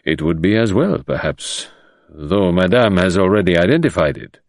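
A man playing a pompous, gravelly old magistrate. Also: sits low, lively intonation, normal speed, no echo, clean studio sound. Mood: formal. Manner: pompous and formal. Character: stern, pompous, sentimental older male magistrate.

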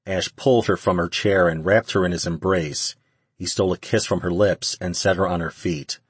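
A man reads the narration of an audiobook in a steady, even manner. His voice is very deep and husky. The recording is close and dry, with no room sound. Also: normal speed, no echo. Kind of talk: scripted narration.

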